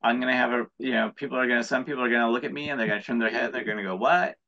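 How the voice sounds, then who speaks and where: Gravelly, bright-toned American man. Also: medium pitch, steady tone, rapid-fire. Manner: rambling, earnest, with many restarts. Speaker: guest, entrepreneur. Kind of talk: casual interview talk. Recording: dull lo-fi audio.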